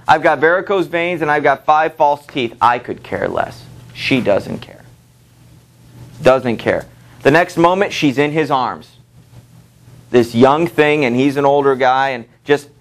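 A man teaching a high school literature class in a classroom, conversational and full of fillers as he reads quotes aloud. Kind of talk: classroom lecture.

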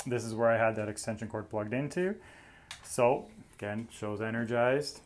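A man's voice: mid-range voice, a little hiss or hum. Man, electrician, casual tool demo, chatty, step-by-step explaining, indoors. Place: indoors in an old house.

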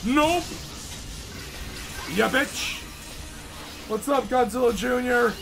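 A young male game streamer with a high voice chats with his viewers at a slow, drawn-out pace. He grumbles, swears and mutters to himself. Game music plays underneath him. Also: gravelly. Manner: frustrated, swearing, talking to himself and chat. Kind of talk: live gameplay commentary.

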